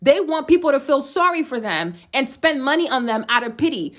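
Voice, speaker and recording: A young woman with a high voice delivers a blunt, emphatic rant as a fitness influencer. She talks in a sassy, slangy way and keeps checking in with her listener. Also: sing-song, brisk, few pauses. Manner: emphatic, repeats "right?" tags, slangy and sassy. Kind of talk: blunt direct-to-camera rant.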